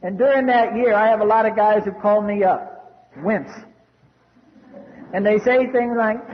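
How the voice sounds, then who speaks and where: Older man, high-pitched, blunt and wry speaker share, muffled lo-fi hall recording. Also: measured pace, long pauses, a little hiss or hum. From US East Coast. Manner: blunt, wry, salty humor. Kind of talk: recovery meeting share, storytelling. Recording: echoey hall, dull lo-fi.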